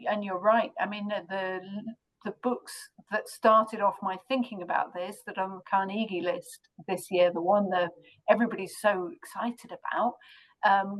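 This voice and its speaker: A woman co-hosting a podcast in casual conversation. She is a school librarian and talks with enthusiasm, leaning hard on her points. Her voice sits at a middle pitch. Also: low-quality recording. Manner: enthusiastic and emphatic.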